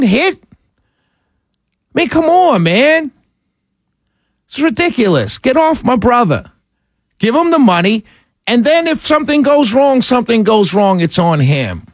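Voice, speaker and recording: A man's voice: high voice, dry recording. Impassioned ranting radio host, man. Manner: impassioned, ranting, sarcastic, laughs between points. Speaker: radio talk show host. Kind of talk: opinionated radio monologue.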